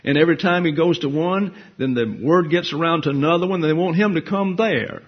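A man's voice: fairly high pitch, brisk, husky, highs cut off. A man preaching a folksy, humorous sermon as a pastor teacher, with joking asides. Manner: humorous, conversational, self-deprecating asides.

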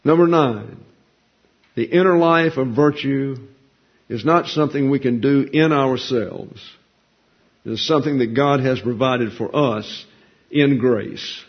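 A man's voice: mid-range voice, a little slow. A man preaching a sermon in a folksy, conversational way, asking rhetorical questions and answering them. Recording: dull lo-fi recording.

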